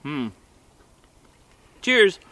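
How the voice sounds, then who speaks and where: A man's voice: extremely slow, noisy background. A man hosting his channel, chatting casually outdoors on a frozen lake in winter while eating and laughing, often talking with his mouth full. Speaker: channel host.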